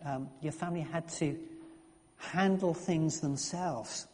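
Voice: mid-range voice, takes it slowly, a little mellow, big-room sound. A preacher giving a conversational sermon, often restarting and repeating words.

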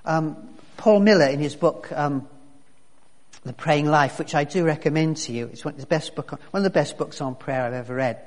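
A man's voice: a little high, moderate pace, a little mellow. A man preaching a sermon as pastor, chatty and full of restarts. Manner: conversational, with many restarts and fillers. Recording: long reverb of a large hall.

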